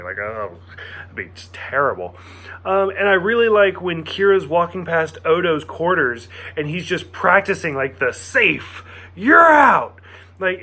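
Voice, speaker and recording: A man's voice: a little high, sharp tone. A man giving a casual, enthusiastic spoken review of a TV episode, talking with lots of fillers and restarts.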